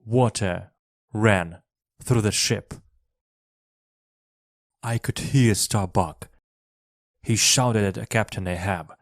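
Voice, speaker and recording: A man reading a storybook aloud for language learners in a plain, measured way, one sentence at a time. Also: on the low side, dry recording, studio quality. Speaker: reader. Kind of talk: slow storybook narration for learners.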